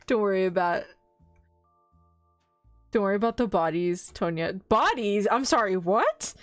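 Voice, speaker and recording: A woman's voice: medium pitch, measured pace, no room sound, faint music behind. Chatty young woman streamer, dry close mic. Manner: chatty, rambling, giggly. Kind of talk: casual chat.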